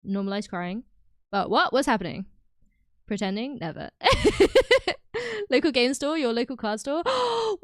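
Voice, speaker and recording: A woman's voice: fairly high pitch, no echo, clean studio sound. A young woman streaming, chatting casually with her viewers, bubbly and giggly, often breaking into laughter. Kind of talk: casual chat with live chat.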